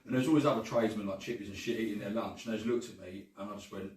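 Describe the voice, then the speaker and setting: A man's voice: lowish voice, fairly even intonation, racing, a little mellow. A man telling long stories in casual chat, full of swearing and "right?" and "mate". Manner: swearing, chatty, says "right?" and "mate" a lot. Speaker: guest panellist. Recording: echoey room from far off, faint noise.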